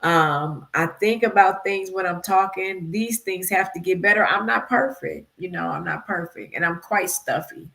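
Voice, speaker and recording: A woman's voice: fairly low pitch, moderate pace, creaky, few pauses, a bit bright. A woman being interviewed as a PR company head, talking casually in a rambling, self-deprecating way and laughing often. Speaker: guest, PR firm CEO.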